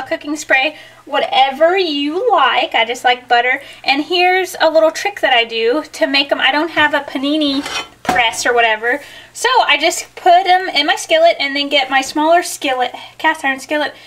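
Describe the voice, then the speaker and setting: A young woman with a high, bright voice hosts a cooking video from her home kitchen. She chats casually with viewers, giggling often as she walks them through each step. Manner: chatty, giggly, addresses viewers directly. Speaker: cooking show host.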